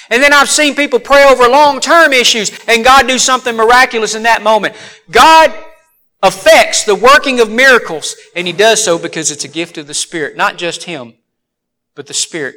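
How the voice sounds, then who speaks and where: A man preaching a sermon in a church, telling folksy stories that suddenly rise loud. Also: a little high.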